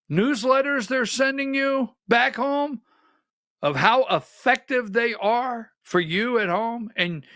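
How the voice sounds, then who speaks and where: High-voiced man hosting talk radio. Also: pushed and bright, dry recording, clean studio sound. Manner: folksy and rhetorical, asks repeated questions and quotes others. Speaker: political talk show host. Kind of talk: livestream commentary, talking to listeners.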